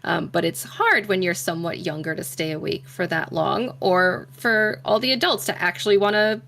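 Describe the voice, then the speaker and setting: Woman chatting about a memory, lowish voice, easygoing. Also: normal speed, gravelly, fairly bright tone. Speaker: team member sharing a memory. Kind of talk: casual storytelling.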